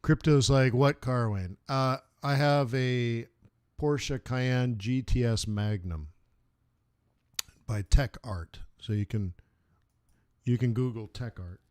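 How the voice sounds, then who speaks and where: A man's voice: mid-range voice, takes it slowly, long pauses, a little mellow, no echo, clean studio sound. Chatty man telling car stories. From United States. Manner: rambling storyteller, laughs at his own anecdotes. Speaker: forex trading stream host. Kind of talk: casual live-stream chat.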